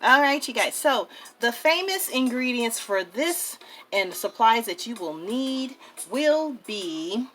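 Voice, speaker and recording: A woman hosting her own craft channel, talking viewers through a miniature project in a chatty, excitable way. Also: on the high side, slow pace. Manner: chatty and excitable, addresses viewers as "you guys". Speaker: craft vlogger. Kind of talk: casual crafting tutorial.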